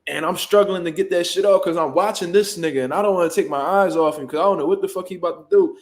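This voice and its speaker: A man, a boxing trainer, telling a story in casual, profane, animated talk and loudly acting out what people said. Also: high voice, quick pace. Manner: profane, animated, jumps into loud acted-out quotes.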